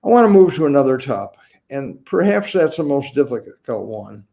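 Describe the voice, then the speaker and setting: An older man hosting a community talk show. He asks his questions in a measured, thoughtful way and stumbles now and then. His voice is mellow and warm, at a middle pitch. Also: sing-song, creaky. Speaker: host, attorney.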